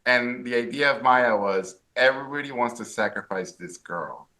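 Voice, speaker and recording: A man from Mexico, a guest on a podcast interview, telling stories in an animated way and acting out the voices he quotes. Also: mid-range voice, moderate pace. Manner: animated storyteller who acts out quoted voices.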